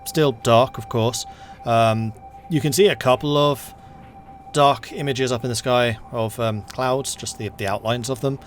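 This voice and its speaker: A man running a tabletop game as game master over an online voice call, narrating in an unhurried way with lots of fillers. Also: medium pitch, faint music behind.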